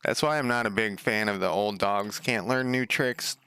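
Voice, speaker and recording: A man's voice: fairly low pitch, moderate pace, pushed and bright, clean tone, no room sound. A young man casually thinking aloud while coding on a stream, muttering to himself with wry asides and the odd swear. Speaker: game developer streaming.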